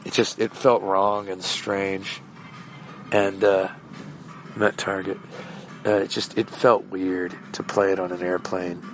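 Low-voiced man rambling through a story. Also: flat delivery, slow pace, faint music behind. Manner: meandering, lots of fillers and restarts. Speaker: podcast host. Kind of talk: rambling casual anecdote. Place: outdoors, walking around shops.

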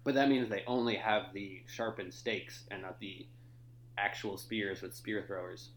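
A man's voice: fairly low pitch, fairly even intonation, unhurried, a little hiss or hum. Laughing, profane young man in an echoey room. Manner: laughs often, loose and profane. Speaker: podcast co-host. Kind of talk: casual movie review chat.

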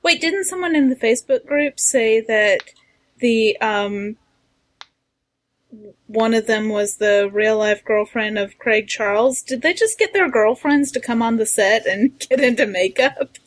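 A woman chatting on a podcast with a somewhat high voice, recorded dry and close. She talks in an easy, questioning way. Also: measured pace, no echo. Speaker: podcast co-host. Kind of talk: casual podcast discussion.

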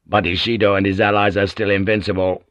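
A man's voice: fairly low pitch, flat delivery, fast, fairly bright tone, no room sound, lo-fi sound, close to an everyday voice. A man voicing a loyal, blunt old samurai general in an audiobook, eager and deferential. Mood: earnest. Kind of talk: audiobook character voice.

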